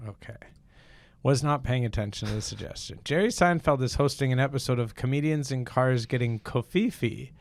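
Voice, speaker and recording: A man's voice: mid-range voice, fairly quick, creaky, no room sound. A man co-hosting a comedy podcast in a casual, rambling way, cracking self-deprecating jokes. His voice sits mid-range and sounds dry and close, with no room sound. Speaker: podcast co-host. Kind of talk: casual improv podcast chat.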